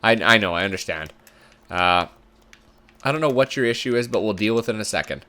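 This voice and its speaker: A man's voice: fairly low pitch, expressive, a little fast, pushed and bright. A man giving casual commentary while playing a sports management game, thinking aloud in a chatty way. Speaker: gamer commentator.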